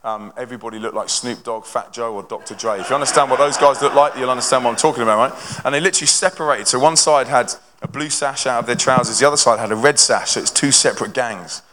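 With hardly any pauses, a young touring Christian band member tells stories quickly in a mid-range voice to a congregation in a church hall. He's energetic and conversational with lots of restarts, and the big venue adds long reverb.

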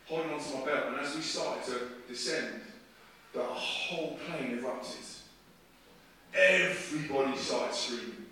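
A man's voice: mid-range voice, normal speed, sharp tone, recorded from a distance, a little hiss or hum. A man, preaching and telling a story animatedly, acting out the voices in it. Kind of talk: sermon storytelling. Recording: echoey hall, voice from off mic.

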